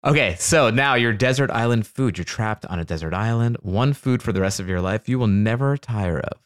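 A man hosting a podcast, asking quick questions in a relaxed, casual way and laughing along with his guest. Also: fairly low pitch, clean tone, no room sound, clean studio sound. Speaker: podcast host. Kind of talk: casual interview.

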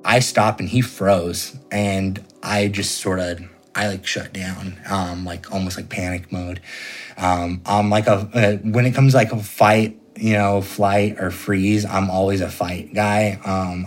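A young man telling a personal ghost story in an interview, rambling casually with lots of fillers. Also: low voice. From California.

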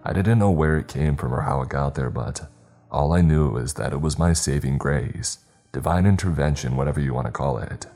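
A man reading a scripted horror story in the first person, steady and measured. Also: very deep voice, faint music behind.

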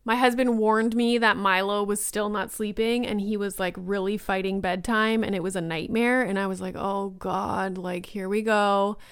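A woman podcast host tells a story in a loose, chatty monologue, dropping "like" constantly and acting out what people said. Her voice is smooth and clear, sitting at an ordinary middle pitch for a woman. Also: no echo, clean studio sound. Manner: chatty, many "like"s, acts out quoted lines.

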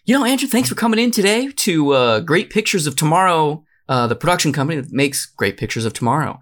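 A man's voice: animated, fast, a bit bright. Pushy, hyped-up film producer with a raised voice, put on by a man in a comedy bit. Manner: pushy, hyped-up sales pitch. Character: eager male film producer pitching a remake.

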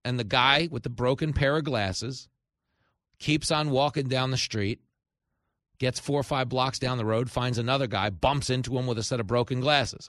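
A man hosting a radio talk show, telling stories animatedly and acting out the shouting people in them. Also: mid-range voice, normal speed, no room sound, studio quality. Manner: animated storyteller, acts out shouting characters. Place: radio studio.

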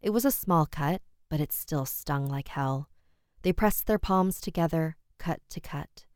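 Low-voiced woman narrating horror. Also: no room sound, studio quality. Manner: measured, steady storytelling.

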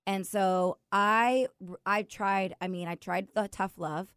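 A woman's voice: mid-range voice, steady tone, slow, a bit bright, clean tone, no room sound, studio quality. A woman hosting a podcast in casual chat, telling stories and teasing her husband. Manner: chatty, teasing, storytelling. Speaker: podcast host.

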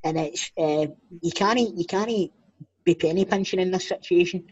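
A man's voice: high-pitched, normal speed, husky, dull audio. A Scottish man co-hosting a football podcast, talking in a loose, rambling way. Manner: rambling, loose, laughs along. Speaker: podcast co-host. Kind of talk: casual chat.

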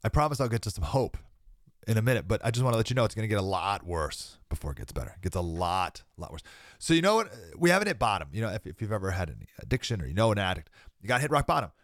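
A young man gives an emphatic preaching monologue as a podcast host, his pitch leaping high and dropping low as he drives each point home. He sounds slightly sick with a cold and laughs briefly between thoughts. The recording is close and dry, with no room sound. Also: big pitch swings, rapid-fire, no room sound.

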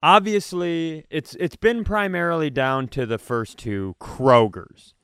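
On a comedy podcast, a male co-host talks casually in a voice on the high side, a little slow, clean and a bit bright, in a dry, studio-quality recording. His faint Southern US accent is mostly trained out, and he rambles, stumbles over words and jokes at his own expense.

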